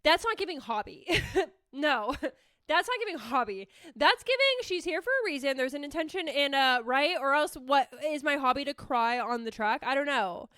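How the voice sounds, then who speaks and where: A woman's voice: high voice, lively intonation, moderate pace, bright, forceful tone, no room sound. A young woman hosting her own podcast, chatting casually and bubbly, swearing freely and rambling through restarts on a close microphone. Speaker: podcast host. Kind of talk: casual solo podcast chat. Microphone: close podcast mic.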